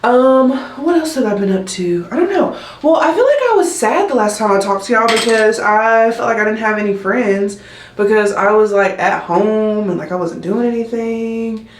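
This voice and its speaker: A woman's voice: fairly high pitch, moderate pace. Chatty woman in an echoey room. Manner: rambling, heavy use of "like" and "um". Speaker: nursing student vlogger. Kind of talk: casual chatty vlog.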